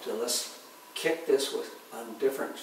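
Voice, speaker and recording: A man talking through his painting step by step, musing softly to himself as he works. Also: medium pitch, measured pace. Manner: soft-spoken, musing to himself while he paints. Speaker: painting instructor. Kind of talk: relaxed painting commentary. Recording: very echoey room, voice far from the mic, clear background noise.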